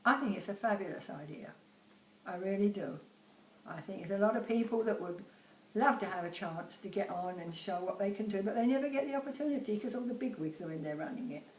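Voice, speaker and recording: A woman's voice: mid-range voice, fairly quick, a little mellow. Elderly Cockney woman, chatty interviewee who laughs easily; distant mic in an echoey room with faint background hum. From Bermondsey, London. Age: about 80. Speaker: interviewee, host's mother. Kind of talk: casual chat. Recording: roomy, off-mic with faint ambience.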